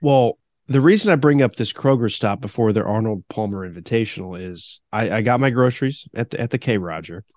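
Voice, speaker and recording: Male podcast co-host, 30s, animated pitch, casual rambling delivery. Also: brisk, few pauses, no room sound, studio quality. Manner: rambling storyteller, laughs often. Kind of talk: casual chat.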